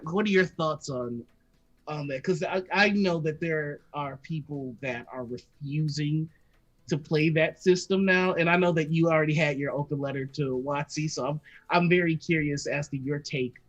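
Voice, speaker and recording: A woman's voice: sits low, lo-fi sound. A woman from the United States hosting a livestream, loose and joking and often laughing. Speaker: host. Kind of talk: casual chat on a livestream.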